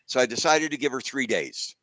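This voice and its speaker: A man's voice: mid-range voice, animated, fairly quick, fairly bright tone, dry recording. A man telling a personal story in a casual video-call conversation, reflective and at times emotional. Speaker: guest speaker.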